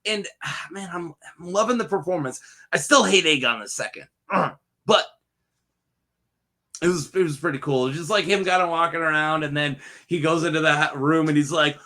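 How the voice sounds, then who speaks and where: A young man with a high, bright voice talks through a TV episode in a loose, rambling solo review. He jokes constantly and laughs often at his own asides. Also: normal speed. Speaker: show reviewer. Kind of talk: casual solo review chat.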